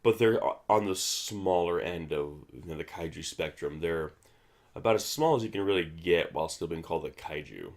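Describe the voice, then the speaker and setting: Male commentary host with a deep, low voice, casual and rambling, full of restarts. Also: animated, normal speed. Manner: rambling, many restarts and fillers.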